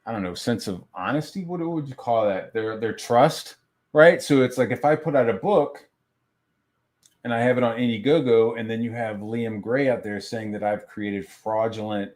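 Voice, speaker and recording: A man's voice: mid-range voice, moderate pace, darkish tone. A man and crowdfunding creator ranting casually on a stream, heated and swearing constantly, often restarting his sentences. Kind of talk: profane casual rant on a stream.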